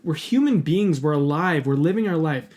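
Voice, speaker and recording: A man's voice: fairly high pitch, lively intonation, normal speed, darkish tone. Earnest, candid man telling a story. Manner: earnest, candid, swears casually. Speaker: podcast host. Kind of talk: casual storytelling in a podcast conversation.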